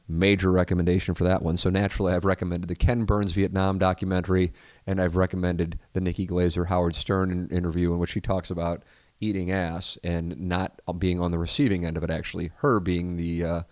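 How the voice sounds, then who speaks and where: A man's voice: low voice, a little mellow, dry recording, clean studio sound. A man hosting a podcast, rambling profanely through a listener email, full of restarts and asides. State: married. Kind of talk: casual rambling monologue.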